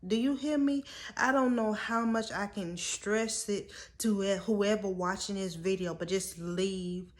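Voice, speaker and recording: A woman's voice: mid-range voice, fairly even intonation, unhurried, few pauses. A young woman telling her story in a vlog, emotional and earnest, holding back tears as she pleads with viewers. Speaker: vlogger.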